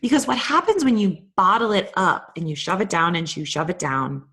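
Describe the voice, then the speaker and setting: A woman's voice: fairly low pitch, brisk, breathy edge. Candid woman giving self-help talk. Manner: candid, conversational, animated retellings. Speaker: host.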